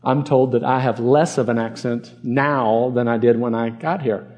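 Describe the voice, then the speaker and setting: A man's voice: medium pitch, steady tone, moderate pace, highs cut off. A male pastor from Arkansas preaching a conversational sermon and acting out the people in the passage.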